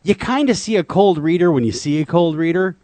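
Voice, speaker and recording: A man's voice: a little high, a little fast, mellow, no room sound. A man hosting a casual interview, listening and affirming often. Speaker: host.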